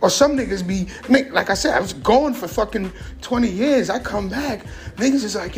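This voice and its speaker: A man's voice: high voice, normal speed, faint music behind. A middle-aged man giving blunt, profane advice in a casual vlog monologue. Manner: blunt, profane street talk. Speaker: vlogger giving life advice.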